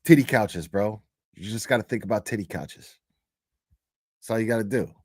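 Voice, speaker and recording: A man's voice: lowish voice, normal speed, a little mellow, slightly rough, no echo, studio quality. Profane, joking man chatting with viewers. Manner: profane, joking, laughs at his own jokes. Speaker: streamer talking to chat. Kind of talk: casual livestream chat.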